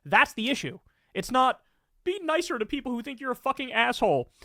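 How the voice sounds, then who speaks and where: A man's voice: very high voice, very animated, brisk, creaky, pushed and bright, no echo, clean studio sound. A man hosting political commentary, ranting angrily with lots of swearing. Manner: angry, profane ranting.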